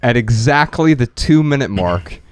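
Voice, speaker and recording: A man's voice: mid-range voice, expressive, normal speed, clean tone, no echo. A man co-hosting a podcast in casual chat, telling jokey stories and acting out what people said to him. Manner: jokey storyteller, acts out quoted lines. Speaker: podcast co-host.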